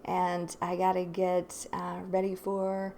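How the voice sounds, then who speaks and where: A woman's voice: fairly low pitch, completely flat delivery, takes it slowly, creaky, dark tone. Chatty woman telling a story. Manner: chatty, rambling, fillers like "like" and "you know". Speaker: tarot reader and channel host. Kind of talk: casual storytelling to viewers.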